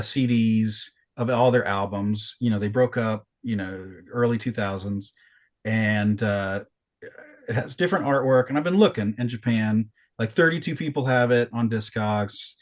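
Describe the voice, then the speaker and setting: Speaking at a measured pace in a medium-pitched voice, this man co-hosts a podcast, casually trading stories. He tells them with gusto, cursing often and restarting his sentences again and again.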